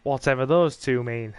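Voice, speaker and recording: A man with a neutral British accent giving relaxed, chatty commentary on his gaming livestream, with wry asides to the game. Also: medium pitch, a little slow, clear, resonant tone.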